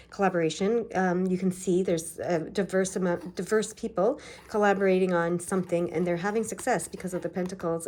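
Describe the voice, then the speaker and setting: A woman from Canada's East Coast giving a tarot reading, talking quickly and excitedly with many fillers. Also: on the low side. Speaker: tarot reader. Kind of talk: tarot card reading to camera.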